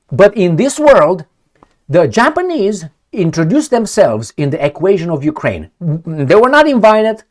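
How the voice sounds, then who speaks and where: A man with a Romanian accent hosts a casual commentary show. His voice swings widely in pitch as he talks. He is blunt and crude, and he mocks the people he talks about. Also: a little mellow. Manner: blunt and crude, with mocking asides; shows a map while talking. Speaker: political commentator host.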